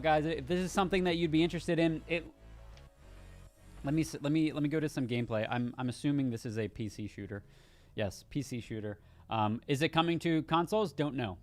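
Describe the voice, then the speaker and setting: Chatty man co-hosting a gaming show, music behind. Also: fairly high pitch. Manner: rambling with restarts, reads news aloud. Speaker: co-host. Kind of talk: casual gaming news chat.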